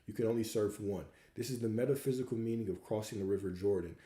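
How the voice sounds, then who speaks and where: A man's voice: fairly low pitch, quick pace, warm tone, reverberant. A man hosting a livestream Q&A, coaching viewers and hammering points home with repeated rhetorical questions. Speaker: host answering viewer questions.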